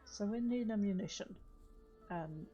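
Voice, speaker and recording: A woman's voice: mid-range voice, unhurried, dark tone. A woman streaming a game, reading its dialogue aloud and chatting about it casually. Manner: casual, reads lines and comments. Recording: dull audio with game music.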